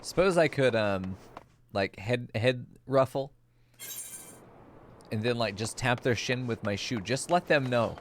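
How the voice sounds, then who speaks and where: A man's voice: mid-range voice, lively intonation, unhurried, long pauses, a little hiss or hum. A man streaming a game, joking crudely and laughing often in casual commentary.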